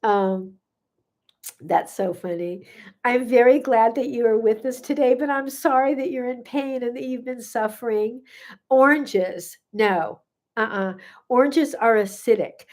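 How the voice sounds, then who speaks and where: A woman's voice: a little high, unhurried, a little mellow. An older woman, a gut health coach, chatting casually on a live stream, answering viewer questions with frequent fillers and laughter.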